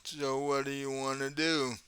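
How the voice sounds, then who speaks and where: A man running a tabletop game as game master, explaining the scene slowly and chuckling often. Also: mid-range voice, flat delivery, fairly bright tone, smooth, no room sound.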